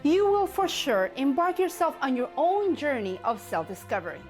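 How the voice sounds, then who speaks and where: A woman hosts an entertainment show with a high, very animated voice. She closes a film review in an upbeat, promotional tone. Music plays clearly behind her. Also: normal speed.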